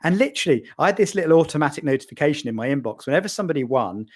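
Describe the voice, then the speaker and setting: A man, a podcast guest, telling lively anecdotes in casual storytelling style and acting out the voices of people he quotes. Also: a little high, very fast.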